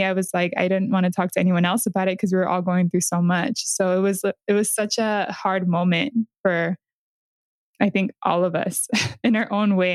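A woman hosting a podcast, speaking in a soft-spoken, thoughtful way during a reflective conversation. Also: fairly low pitch, no room sound, studio quality. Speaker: podcast host.

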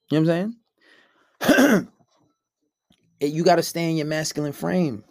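A man's voice: on the high side, normal speed, pauses often, dry recording, studio quality. A man, giving blunt, profane dating advice in a casual monologue and acting out both sides of arguments.

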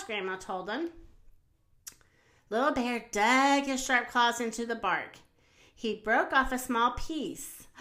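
A woman reading a children's picture book aloud in a slow, expressive way. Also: on the high side.

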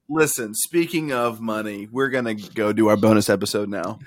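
A man co-hosting a podcast, riffing with animated, mock-outraged comic bits. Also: fairly low pitch, moderate pace. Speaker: podcast co-host. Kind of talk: casual comedic chat.

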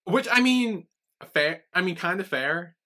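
Lively young man retelling the plot. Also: sits high, unhurried. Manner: lively storyteller, acts out lines. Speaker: podcast co-host. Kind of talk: casual chat, retelling plot.

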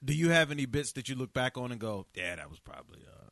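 A man's voice: mid-range voice, sing-song, fast talker, vocal fry, a bit bright, dry recording. A man hosting a podcast, asking long, rambling questions in a casual interview. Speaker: podcast host.

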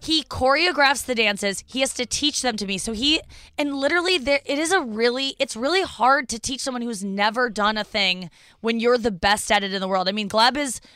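A woman's voice: fairly high pitch, fairly quick, sharp tone, clear, resonant tone, dry recording. A woman hosting a comedy podcast, chatting casually in a rambling, self-deprecating way with many restarts. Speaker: podcast host.

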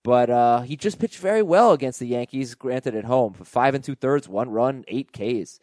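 A man hosting a fantasy baseball podcast, chatting casually and reading listener emails aloud with animated delivery. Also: mid-range voice, normal speed, no echo. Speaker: podcast host.

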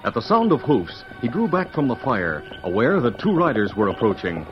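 A man's voice: medium pitch, huge pitch swings, moderate pace. A man narrating a radio drama with dramatic, tension-building delivery. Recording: muffled old radio recording with music. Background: music.

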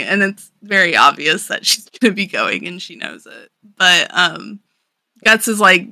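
A woman co-hosting a podcast, casually recapping a manga chapter with lots of filler words, swearing and quick paraphrased character lines. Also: mid-range voice, sing-song, bright, forceful tone, no room sound. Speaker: podcast co-host.

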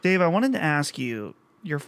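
High-voiced joking podcast host, a man. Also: normal speed, clean tone. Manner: lively, jokey, mimics others in a put-on friendly voice. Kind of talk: casual chat.

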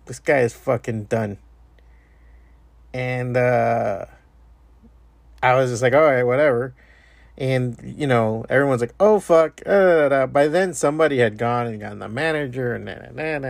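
A man's voice: mid-range voice, vocal fry, no room sound. A man hosting a podcast, telling a rambling, profane story in a casual monologue. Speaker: podcast host.

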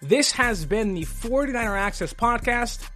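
A man with a high voice hosts a sports podcast on his own, and his voice sounds sick. He talks with firm confidence and repeats lines to drive them home. Faint music plays underneath. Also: expressive, normal speed, fairly bright tone. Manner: confident, emphatic, repeats points for stress. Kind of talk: solo sports podcast talk.

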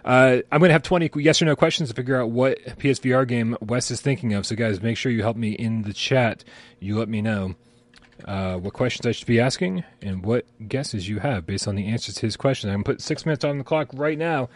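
A male podcast co-host talks fairly quickly in a mid-range voice on a dry recording, helping run a live gaming stream. He rambles, curses in a relaxed way and frequently laughs, with sirens audible outside.

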